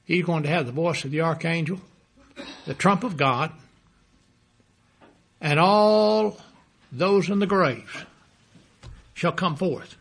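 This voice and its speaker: A man preaching a sermon, emphatic, repeating key phrases and dropping low and soft toward the close. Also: slow pace, creaky, pauses often, breathy edge.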